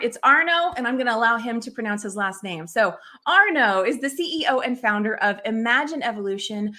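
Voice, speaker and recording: A woman's voice: a little high, sharp tone. Upbeat woman hosting a podcast. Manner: upbeat, soothing when leading the opening reflection. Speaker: podcast host.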